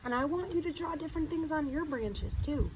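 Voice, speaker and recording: A woman's voice: sits high, brisk. A woman reading a children's picture book aloud outdoors, chatting with young listeners between pages and acting out the animal sounds. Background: sirens and street noise.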